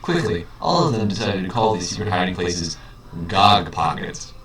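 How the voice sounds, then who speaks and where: A low-voiced man briskly reads a children's book aloud, breaking in repeatedly with dry, mocking, deadpan asides. He sits back from a distant mic in a very echoey room, with a faint hiss underneath.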